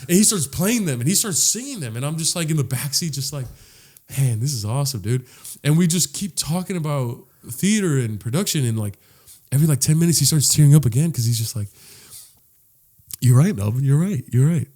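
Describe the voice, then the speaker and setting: On the high side and a little mellow, this man's voice has lively intonation and a fairly quick pace. Co-hosting a podcast, he tells a long story casually and rambling, with profanity, lots of "like," and restarts.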